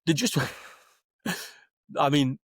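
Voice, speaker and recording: A man's voice: fairly high pitch, very slow, no echo, clean studio sound. A man with a Geordie accent, a stand-up comedian guesting on a podcast, telling stories in casual chat, swearing freely and acting out what people said. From Newcastle, England. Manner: swearing, animated anecdotes with acted-out quotes. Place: podcast studio.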